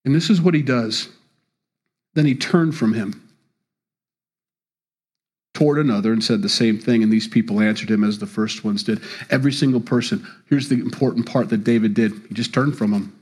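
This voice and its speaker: A male pastor preaching a sermon, with animated delivery and sudden jumps in pitch on key words. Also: moderate pace, long pauses, husky.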